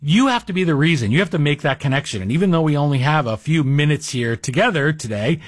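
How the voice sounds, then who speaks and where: A man's voice: a little high, expressive, fast, dry recording. Chatty self-mocking talk radio man. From Greek heritage. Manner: chatty, self-deprecating, digressive. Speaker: radio guest host.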